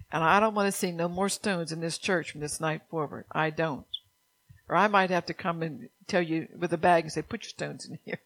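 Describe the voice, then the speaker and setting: A middle-aged woman pastor preaching a sermon, earnest and direct with her congregation, dropping soft and low at times and rising to urgent exhortation. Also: poor audio. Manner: addresses the congregation directly with "church" and "amen".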